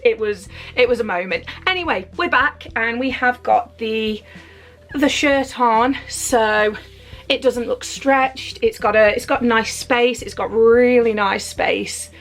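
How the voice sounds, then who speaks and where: A woman's voice: a little high, fairly bright tone. A woman vlogger from the UK chatting enthusiastically through a clothing unboxing at home, rambling with fillers and a little out of breath. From United Kingdom. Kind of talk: casual unboxing chat.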